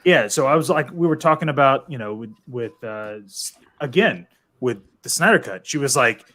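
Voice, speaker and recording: A man in his thirties hosting a casual podcast chat, animated, laughing often and filling his talk with "like" and "dude". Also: a little high, normal speed. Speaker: podcast host.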